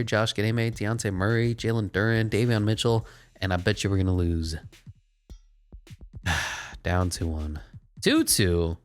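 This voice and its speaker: A man with a fairly low voice that jumps all over the place as he narrates his own video game match. He's sarcastic and quick to mock, then suddenly excited when a play goes his way, in a casual, unscripted running commentary.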